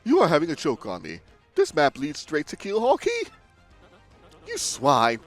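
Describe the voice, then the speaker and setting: A grandiose male millionaire sailor from a video game, haughty and theatrical, put on by a man reading the dialogue aloud. His fairly high voice leaps and dives all over the place. Faint game music sits behind him. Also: huge pitch swings, moderate pace. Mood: indignant. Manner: theatrical, haughty, with wild swings in delivery.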